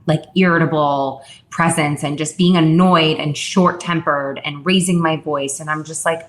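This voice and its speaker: Talking at normal speed in a low-pitched, steady voice, this guest, a woman in her thirties who founded a fitness business, opens up reflectively during a candid interview. She often quotes herself, raising her voice when she does.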